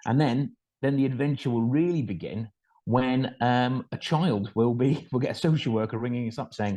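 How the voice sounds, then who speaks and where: A man's voice: mid-range voice, normal speed, mellow, poor audio. A middle-aged man, a foster carer telling a self-deprecating story from his home kitchen. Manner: self-deprecating anecdotal storytelling with voiced quotes. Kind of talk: storytelling talk.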